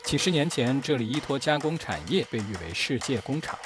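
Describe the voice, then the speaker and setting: A man's voice: medium pitch, lively intonation, fairly quick, background noise. Formal male documentary narrator. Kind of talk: scripted narration.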